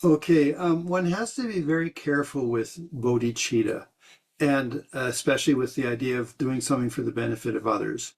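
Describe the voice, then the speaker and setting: A man's voice: medium pitch, a little fast, creaky. A man teaching meditation, answering a student's question in a loose, rambling way with many restarts and the odd chuckle. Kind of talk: dharma talk answering questions.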